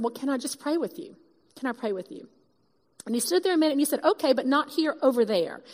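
A woman giving a sermon, telling a personal story with lively, emphatic quoted dialogue. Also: high-pitched. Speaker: speaker giving a sermon testimony. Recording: long reverb of a large hall.

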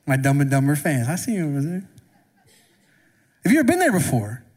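A man's voice: on the high side, huge pitch swings, a little fast, a little mellow. A man preaching a sermon as pastor, talking conversationally and asking the congregation questions. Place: church sanctuary. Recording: long reverb of a church hall.

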